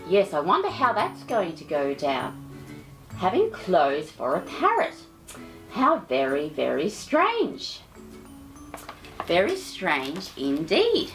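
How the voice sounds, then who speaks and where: Slow, sing-song woman reading a storybook. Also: fairly low pitch, wildly swooping pitch, a bit bright, soft background music. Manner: theatrical, affectionate asides to listeners. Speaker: children's storyteller host. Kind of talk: children's picture book read-aloud.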